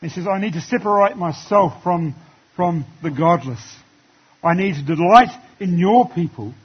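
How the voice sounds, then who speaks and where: A man's voice: sits high, lively intonation, normal speed, slightly rough, muffled recording. A man preaching a sermon in church, talking conversationally to the congregation and reading scripture aloud. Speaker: pastor.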